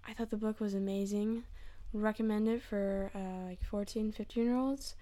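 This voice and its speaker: A woman's voice: medium pitch, steady tone, moderate pace, mellow. A teenage girl co-hosting a casual podcast, brief and matter-of-fact. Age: teens. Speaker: podcast co-host.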